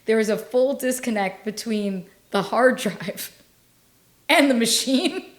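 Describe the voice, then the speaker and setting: A woman in her forties co-hosts a podcast, her voice a little high and her pace slow. The talk is casual and comedic, and she laughs often while telling self-deprecating stories.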